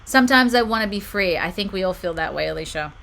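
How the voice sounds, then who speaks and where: A woman's voice: medium pitch, lively intonation, fast talker, creaky, a bit bright, poor audio. A middle-aged woman hosting a live stream, giving reassuring relationship advice and reading viewer comments aloud. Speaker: spiritual channel host.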